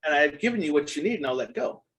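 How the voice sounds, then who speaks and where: A man's voice: fairly high pitch, big pitch swings, fast, a bit bright, rough recording. A middle-aged man as a podcast guest, speaking in casual interview chat, an earnest storyteller full of ums and restarts.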